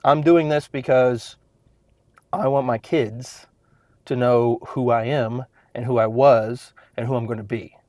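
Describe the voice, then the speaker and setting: A man's voice: medium pitch, steady tone, a little slow, a little mellow, no echo, clean studio sound. A man in his thirties, a fitness trainer, talking intensely and bluntly to a podcast mic, swearing freely. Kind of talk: casual solo podcast monologue.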